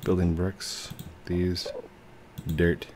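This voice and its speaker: A man hosting a casual game session, playful and quick to laugh, talking to the characters on screen. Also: sits low, monotone, a little mellow, slight background noise. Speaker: gaming channel host. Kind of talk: casual let's-play chat.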